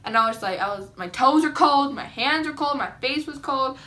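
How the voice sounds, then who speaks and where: A young woman vlogging to camera, telling a story in a chatty, excitable way with lots of "like" and dramatic reactions. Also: sits high, normal speed. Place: indoors at home, seated.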